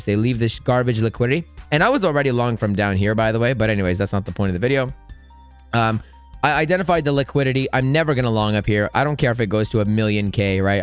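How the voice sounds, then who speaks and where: Blunt, emphatic man over faint music. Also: medium pitch. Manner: emphatic, blunt, keeps asking "right?". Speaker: trading channel host. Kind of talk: casual market commentary over charts.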